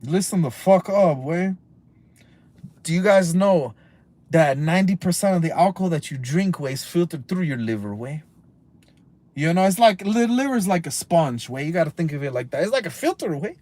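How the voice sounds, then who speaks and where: A man's voice: on the high side, animated, moderate pace, a little mellow. A man of about thirty, ranting casually on a live stream from inside a car, heated and profane, rambling and mixing in Spanish slang. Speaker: livestream host.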